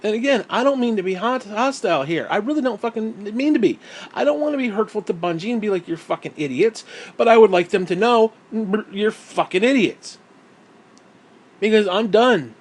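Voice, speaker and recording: Angry gamer guy with a higher-pitched voice, profane ranting monologue, recorded at home. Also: animated, quick pace. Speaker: gaming YouTuber. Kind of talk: angry gaming rant.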